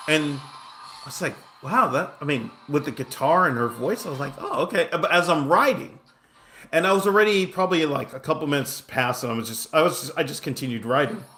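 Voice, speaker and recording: A man's voice: on the high side, brisk, pushed and bright, slight background noise. A man telling a long personal story in a casual, rambling way while he plays a game, with lots of restarts, asides and self-mocking jokes. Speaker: gaming streamer.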